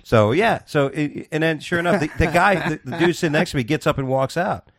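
A man's voice: fairly high pitch, fairly quick, no room sound, studio quality. A man hosting a casual talk show, telling crude stories and acting out the voices of the people in them. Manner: profane, animated storyteller acting out voices. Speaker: podcast host.

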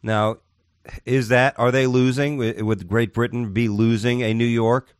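A man's voice: mid-range voice, fairly even intonation, measured pace, clear, resonant tone, no room sound, studio quality. A man co-hosting a podcast in casual chat, rambling and joking. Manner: rambling, jokey, puts on silly voices. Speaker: podcast co-host.

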